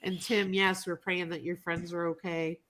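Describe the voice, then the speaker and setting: A woman's voice: fairly low pitch, level tone, moderate pace, a bit bright, rough recording. A woman hosting a casual livestream, chatting and greeting viewers by name. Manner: chatty, reads out viewer comments. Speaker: livestream host.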